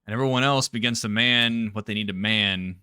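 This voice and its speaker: A man's voice: on the low side, fairly quick, sharp tone, clear, resonant tone, no echo, clean studio sound. A man narrating casually as game master of a tabletop game. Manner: casual, loose narration with swearing.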